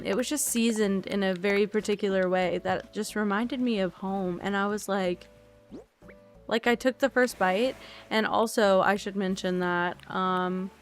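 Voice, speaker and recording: A tired woman streamer chatting casually and softly while she plays a game, rambling and thinking aloud as she goes. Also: medium pitch, moderate pace, soft background music. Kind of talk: relaxed casual chat while playing a game.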